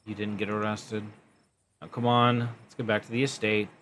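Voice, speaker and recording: A man's voice: fairly low pitch, level tone, normal speed, a bit bright, slight background noise, lightly acted. A man voicing a stern, tired young woman from a story game, reading her lines in a clipped, weary way.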